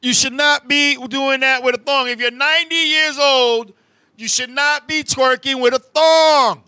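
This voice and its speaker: A man hosting a talk show, telling profane, animated comic stories in casual chat and constantly addressing his co-host. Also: extremely high pitch, a little slow, no room sound, clean studio sound.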